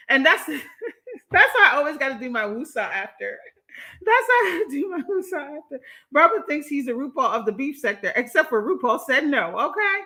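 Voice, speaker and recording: A young woman with a lilt, speaking in a high, bright and ringing voice. She runs a live-stream commentary, reacting to chat messages with sass and plenty of laughter. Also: brisk. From Jamaica. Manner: sassy, animated, laughing between points. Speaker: YouTuber reading live chat.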